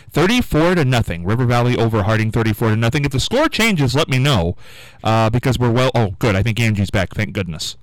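A man's voice: mid-range voice, dry recording, rough recording. Chatty middle-aged male radio host. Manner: rambling, chatty and animated. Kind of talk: casual live radio chat. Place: small radio studio. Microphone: studio microphone.

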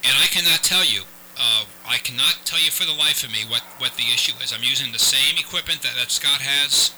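A man's voice: medium pitch, a little fast, pushed and bright, a little hiss or hum, poor audio. A man hosting a live call-in radio show, talking close to a studio mic, earnest and repeating himself with many restarts. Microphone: close studio microphone.

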